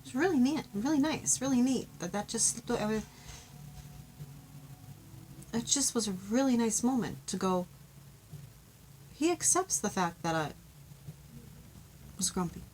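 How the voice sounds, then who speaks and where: A woman giving an intuitive love card reading, talking in a gentle, heartfelt, chatty way and sharing her own story. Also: a little high, expressive, normal speed, long pauses, a little hiss or hum, rough recording. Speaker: tarot card reader.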